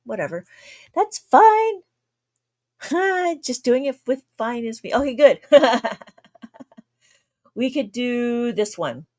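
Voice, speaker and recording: A woman teaches long division on an abacus during a chatty livestream lesson, laughing often and trying to slow down her usually fast talk. Her voice is on the high side, sing-song, and a little mellow.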